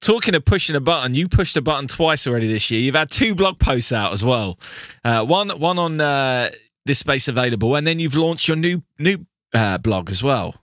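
Man co-host, upbeat podcast chat, lively, bright tone, dry close mic. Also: medium pitch, moderate pace, no room sound. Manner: upbeat and encouraging, animated intonation. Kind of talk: casual chat.

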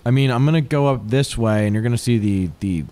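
A man's voice: mid-range voice, fast, warm tone, slight background noise. A young man playing a video game, chatting casually and often swearing in frustration. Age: young adult. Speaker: gamer playing a game on a let's-play. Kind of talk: casual gaming chat.

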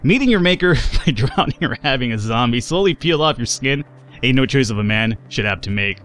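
A man's voice: mid-range voice, lively intonation, brisk, fairly bright tone, close to an everyday voice. A man putting on a weathered old-sea survivor. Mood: folksy. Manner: improvised wandering accent. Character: seafaring male survivor, weathered and talkative.

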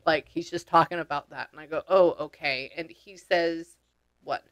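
A woman's voice: sits low, steady tone, moderate pace, a bit bright. A woman working as a psychic medium, talking casually with clients and relaying what she hears in a chatty way, with slang and the odd swear word. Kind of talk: casual session talk.

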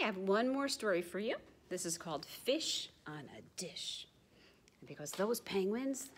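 A woman librarian reading picture books and rhymes aloud to young children, in a sing-song, expressive way that sometimes drops to a hush. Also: mid-range voice, a little hiss or hum. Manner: expressive sing-song rhyming, dropping to hushed asides. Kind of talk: children's storytime read-aloud.

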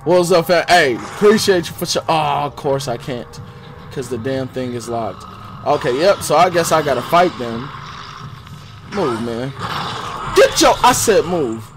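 A man streaming a game live, chatting casually with viewers in slang and swinging from low muttering to loud outbursts. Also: a little slow, background noise. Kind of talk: live gameplay commentary.

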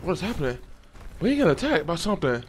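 A young man giving loose, profane, excitable commentary while playing a game. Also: fairly high pitch, fast talker, a little hiss or hum. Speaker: gamer. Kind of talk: casual gameplay commentary.

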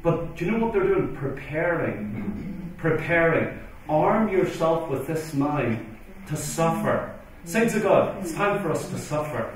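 Middle-aged male preacher, high-pitched and emphatic, heard from far off in a booming hall. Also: expressive, measured pace. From Ireland. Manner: emphatic, intense preaching with rising urgent calls. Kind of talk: conference sermon. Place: large church hall. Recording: echoey hall recording from far off.

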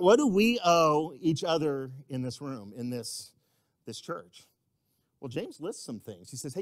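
A man preaching a sermon as a pastor in a church, animated, humorous and direct with his listeners. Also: on the high side, dry recording.

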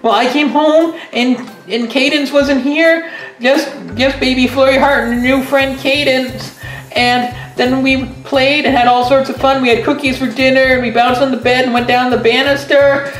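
A woman voicing a flustered male pony prince, stammering and excitable in a toy skit. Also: high voice, normal speed, natural voice. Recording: roomy echo, faint music.

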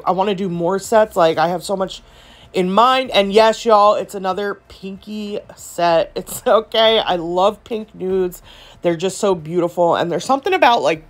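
A woman's voice: on the low side, a little mellow. A woman nail vlogger, gushing in a chatty casual product review full of fillers.

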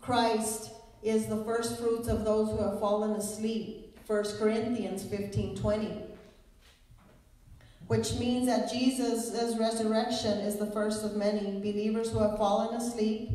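A woman's voice: a little high, flat delivery, a little slow, warm tone. A woman pastor preaching a sermon in a church, quoting scripture in an earnest storytelling way. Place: church sanctuary. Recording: echoey hall, voice from a distance.

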